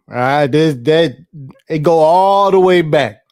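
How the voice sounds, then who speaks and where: A man's voice: a little high, measured pace, darkish tone, clear, resonant tone. A middle-aged man hosting a livestream, reading chat and telling stories in a loose, profane way, laughing often and repeating himself.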